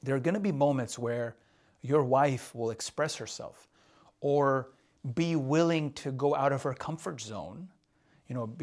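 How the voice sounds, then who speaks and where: A man coaching husbands in a candid, confessional way, often asking "right?" and repeating himself. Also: medium pitch. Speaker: relationship coach. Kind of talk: casual advice talk. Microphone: drawing on a board while talking.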